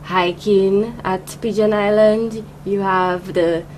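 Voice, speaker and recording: A woman's voice: mid-range voice, steady tone, slow pace, a little mellow, poor audio. A woman in her early twenties, a pageant contestant from Saint Lucia, speaking shyly with hesitations. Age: 20s. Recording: faint hum behind.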